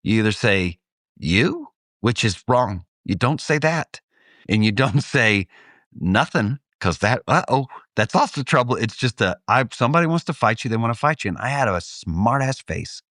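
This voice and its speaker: A middle-aged man from Texas tells a story on a podcast. His pitch swings widely as he acts out the people in it, and he laughs often. The recording is dry and close. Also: normal speed, dry recording. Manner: animated, acts out voices in anecdotes, laughs often. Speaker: podcast co-host. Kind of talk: casual storytelling. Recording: dry close studio mic.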